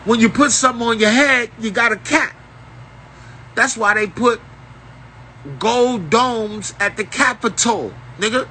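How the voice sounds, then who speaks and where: A man's voice: very high voice, a little slow, pauses often, pushed and bright, slight background noise, rough recording. A man at home giving a rambling, profane, streetwise monologue in a freewheeling casual style. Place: at home, indoors.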